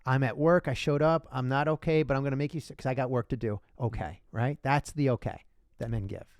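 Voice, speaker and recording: Gravelly-voiced man hosting a podcast. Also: medium pitch, a little fast, no echo, clean studio sound. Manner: animated, swears, laughs, mimics voices. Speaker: podcast co-host. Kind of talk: casual podcast chat.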